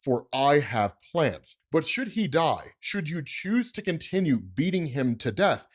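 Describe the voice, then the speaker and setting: A man voicing a calm, scheming male supervillain who makes slow, low threats. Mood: menacing.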